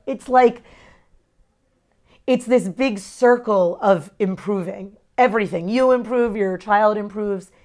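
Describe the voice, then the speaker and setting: Fast-talking earnest mother. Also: medium pitch, clean tone. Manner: earnest, expressive, shifting tone for emphasis. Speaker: parent giving a testimonial. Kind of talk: candid interview answers.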